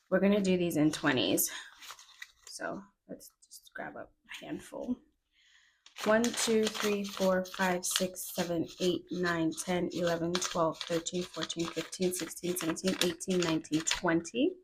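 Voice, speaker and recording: A woman's voice: fairly low pitch, unhurried, background noise. A woman vlogger chatting casually to camera about her week while counting out cash, with dry sarcastic asides. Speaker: budgeting vlogger.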